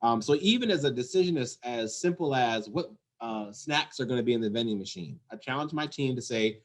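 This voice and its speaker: A man's voice: mid-range voice, expressive, a little fast, few pauses. A man who runs an emergency call center, giving an earnest, emphatic leadership talk and repeating his key points. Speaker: 911 center executive director.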